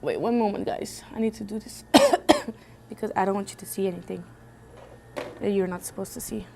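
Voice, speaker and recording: A young woman from Belgium streaming from home on a phone, telling a family story in a lively, animated way. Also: mid-range voice, normal speed, vocal fry, slight background noise. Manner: animated, lively storyteller with big jumps for quoted voices. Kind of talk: casual livestream storytelling. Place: indoors at home. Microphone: phone on a gimbal.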